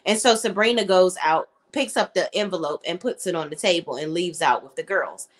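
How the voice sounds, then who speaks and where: Talking fairly quickly in a lowish voice, a woman reviews a TV drama in a casual recap. Her retelling is animated and dramatic, and she acts out what the characters say as she goes.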